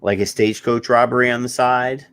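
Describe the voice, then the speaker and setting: A man's voice: mid-range voice, steady tone, a little fast, fairly bright tone, clean tone. A man hosting a podcast, joking and spinning playful schemes in casual chat. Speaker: podcast host.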